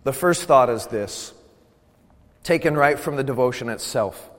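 Man preaching in a reverberant sanctuary. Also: mid-range voice. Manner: builds from calm reading to loud, emphatic preaching; drawn-out, deliberate emphasis on key words. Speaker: pastor. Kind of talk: sermon.

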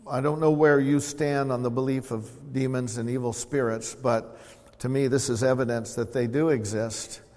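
A man preaching an expository sermon, earnestly explaining scripture and calling on the congregation to respond. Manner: swells louder reading scripture, drops low to explain. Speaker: pastor. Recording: long hall reverb.

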